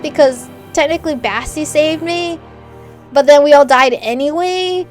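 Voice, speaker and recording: A young woman gamer reading a story game aloud, her fairly high voice swinging from quiet narration to loud excited reactions. Faint game music plays underneath. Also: unhurried.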